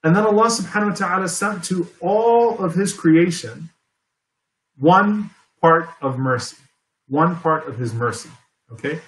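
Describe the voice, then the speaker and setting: A man's voice: high-pitched, measured pace, a bit bright. A man giving an earnest religious lecture as a preacher, repeating key phrases for emphasis. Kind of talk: Islamic lecture. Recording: echoey room.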